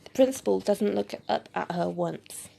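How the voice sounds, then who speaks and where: A woman's voice: mid-range voice, moderate pace, creaky, mellow, slight background noise. A woman narrating an amateur audio story, reading plainly with hesitant fillers.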